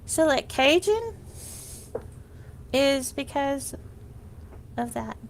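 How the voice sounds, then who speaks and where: A woman's voice: high voice, lively intonation, very slow, gravelly, slight background noise. A woman livestreamer chatting casually with viewers, rambling and sometimes trailing off into whispers.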